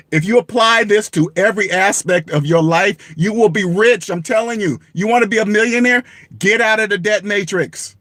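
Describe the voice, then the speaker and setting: Blunt high-voiced man ranting to camera. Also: a bit bright, no echo, clean studio sound. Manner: emphatic, repetitive, swears for emphasis, laughs at himself. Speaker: personal finance vlogger. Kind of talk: blunt direct-to-camera rant.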